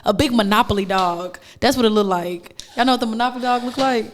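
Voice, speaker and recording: A woman's voice: fairly high pitch, fast. A woman co-hosting a casual podcast in a playful, teasing way. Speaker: podcast co-host. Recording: clear background noise.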